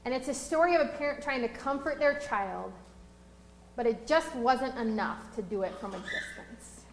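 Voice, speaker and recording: A woman with a high voice preaches a sermon, weaving a personal story into her message. She slows and stresses each phrase when reading scripture. The sound carries a roomy echo. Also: slight background noise. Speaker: pastor.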